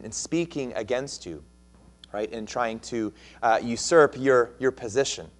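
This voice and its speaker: A male pastor preaching a sermon in a conversational way, often asking his listeners questions and restarting his phrases. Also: medium pitch.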